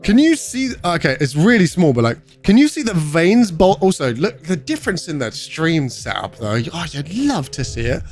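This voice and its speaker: Brief: British male streamer, casual and joking, reading chat aloud in a fairly high voice. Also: big pitch swings, normal speed, few pauses, soft background music.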